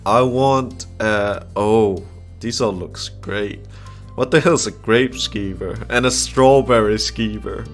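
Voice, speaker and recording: A young man with a fairly low voice reads a visual novel aloud in a casual gaming video. He breaks off often to laugh and to make blunt, profane remarks about the characters. Faint music plays under his voice. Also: slow, few pauses. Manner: reads the game text aloud, with frequent laughs and crude asides. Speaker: gamer playing a visual novel. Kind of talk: casual let's-play commentary.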